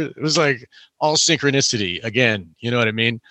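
A man's voice: medium pitch, animated, fairly quick, bright, forceful tone, dry recording. A young man telling a long story in casual chat, rambling with lots of "like" and "you know".

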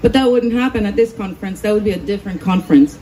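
Woman presenter, explanatory, soft warm tone, faint background ambience. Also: mid-range voice, quick pace, a little hiss or hum, low-quality recording. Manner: explanatory, demonstrating on a volunteer. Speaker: speaker at a conference. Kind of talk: live talk to an audience.

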